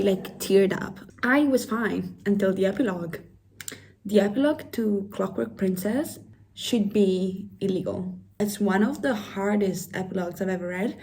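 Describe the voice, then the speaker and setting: A woman's voice: medium pitch, darkish tone. Gushing young woman book vlogger. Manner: gushing, emotional, drops to a near whisper at times. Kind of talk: casual vlog chat.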